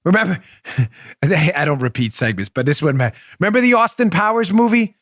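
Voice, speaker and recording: A combative male host with a high, bright-edged voice, hammering each point with mocking emphasis. He sits close to the mic in a dry, dead room with no echo at all. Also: expressive, normal speed. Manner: does a high silly impression voice in bursts. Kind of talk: political commentary show.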